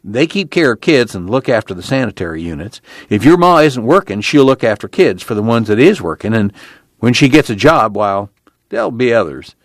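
A man voicing a calm camp watchman who explains things in a matter-of-fact way. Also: medium pitch, fairly quick, dry recording, studio quality.

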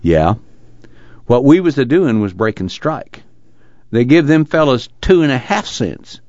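A man voicing a hurt, weary young farmhand with a drawl, talking low and grim. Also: sing-song, measured pace, darkish tone, dry recording. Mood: shaken. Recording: muffled, dry.

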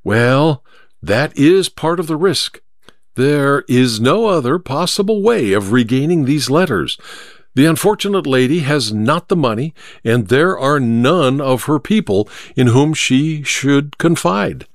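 A man reading an audiobook, voicing a cool, confident male detective who speaks in a crisp, amused, measured way. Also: medium pitch, lively intonation, no echo, studio quality. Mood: resolute.

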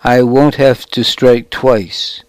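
A fierce soldier speaks with urgent anger, as a man reads the part. The voice stays in a middle register and moves slowly. The audiobook is recorded close and dry. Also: medium pitch, little pitch movement, no room sound, close to an everyday voice. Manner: urgent, angry. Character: fierce, hateful male soldier.

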